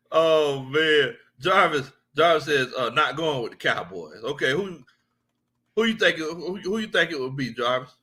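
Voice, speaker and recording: A man runs a loose sports livestream. His voice sits fairly high and bright, with a lively rise and fall. He jokes, laughs a lot and says things twice. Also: unhurried. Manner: laughs often, loose and joking, repeats phrases. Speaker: sports talk host reading viewer comments. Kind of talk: casual livestream sports chat.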